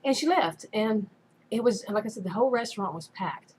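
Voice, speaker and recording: A woman's voice: medium pitch, expressive, a little fast, a little mellow, a little hiss or hum, low-quality recording. A woman casually telling a personal story in a rambling way, full of fillers and restarts. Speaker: vlogger.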